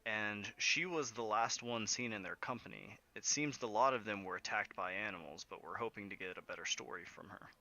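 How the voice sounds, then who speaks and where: A man playing a hushed, worried town guard. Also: on the low side, fairly quick, few pauses. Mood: grave, concerned. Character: worried male town guard, grave and formal.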